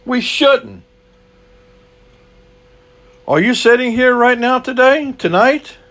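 A man's voice: very high-pitched, expressive, slow, fairly bright tone. A man preaching a sermon, earnest and repetitive, stretching words for emphasis.

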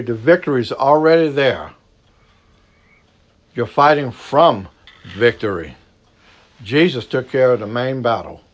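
This sermon comes from a Cajun pastor of the Southern United States whose lively voice swoops high with every push, then falls low, slow and hushed to drive a point home. He speaks deliberately and emphatically, returning again and again to his key phrases.

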